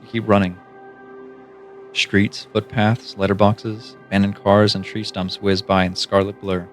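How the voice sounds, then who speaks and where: A man streaming live, reading a gamebook aloud in hushed, low-key second-person narration. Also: little pitch movement, unhurried, soft background music.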